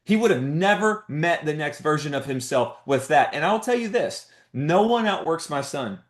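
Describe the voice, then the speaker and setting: A man's voice: on the high side, lively intonation, normal speed. A man giving a motivational talk to a business team, telling a story with urgent rhetorical questions and punchy repeated phrases. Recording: roomy echo.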